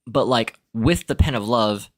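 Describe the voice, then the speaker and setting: A man's voice: medium pitch, unhurried. A young man giving a casual, rambling solo talk as a podcast host, full of fillers, restarts and laughs. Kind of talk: casual monologue on language and philosophy.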